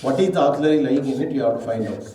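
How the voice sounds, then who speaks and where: Male teacher, Indian English accent, grammar lesson, mellow voice, echoey room, mic at a distance. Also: mid-range voice, lively intonation, very fast, slight background noise. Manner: explains step by step, asks and answers own questions.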